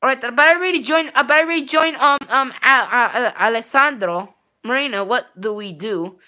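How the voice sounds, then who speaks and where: A woman's voice: fairly high pitch, brisk, pushed and bright. A woman streaming live gameplay who rambles to her viewers, repeating herself and restarting her sentences with many fillers. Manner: rambling, repeats words, talks straight to viewers.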